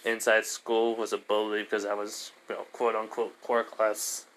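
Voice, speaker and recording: A man voicing a teenage boy student who is sore and modest and talks in a hesitant, halting way. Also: fairly low pitch, completely flat delivery, fairly bright tone, natural voice. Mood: explaining.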